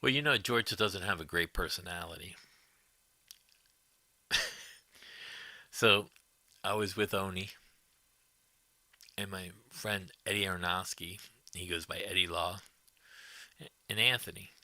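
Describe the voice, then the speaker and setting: A man's voice: low voice, takes it slowly, pauses often, pushed and bright, no echo. A man hosting a livestream, telling casual rambling stories to his viewers, chuckling often and swearing freely. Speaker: livestream host.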